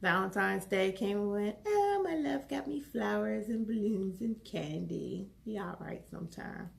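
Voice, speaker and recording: A woman vlogging in a casual, animated way, chatting excitedly to her viewers. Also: mid-range voice, a little slow, vocal fry. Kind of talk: casual chat to camera.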